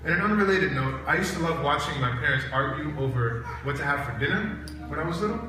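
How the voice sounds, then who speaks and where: A man's voice: fairly high pitch, fast, a little hiss or hum. A man preaching a college chapel sermon, telling stories animatedly and acting out the voices in them. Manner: animated storytelling with acted-out voices. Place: large chapel hall. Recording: echoey hall, heard from a distance.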